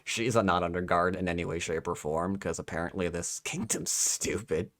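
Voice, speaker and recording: A man giving a casual, sarcastic book review, exasperated and mocking the story in quick put-on voices. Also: sits low, a bit bright.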